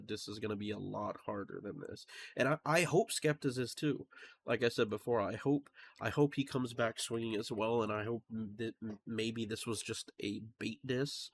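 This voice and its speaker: A man hosting a music reaction video, talking casually with fillers and restarts. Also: lowish voice. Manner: relaxed, rambling with fillers and restarts. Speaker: music reaction channel host.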